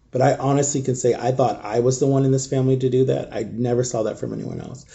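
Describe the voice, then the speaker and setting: In an emotional storytime vlog, a grieving man speaks to viewers in a very dark, mellow, gravelly voice at ordinary pitch and with fairly even intonation. He sounds shaken, talking in halting, raw bursts and often dropping almost to a whisper, and the sound is lo-fi.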